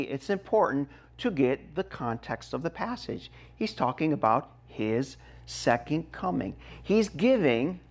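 A middle-aged man preaching a sermon as a pastor, reading scripture and explaining it emphatically, his voice rising and dropping sharply. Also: a little high. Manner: emphatic preaching with wide swings in loudness.

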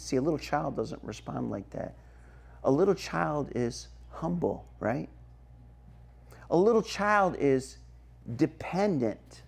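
A man preaching a sermon, slow and emphatic, checking in with the congregation as he goes. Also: a little high, lively intonation, creaky, husky. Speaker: pastor.

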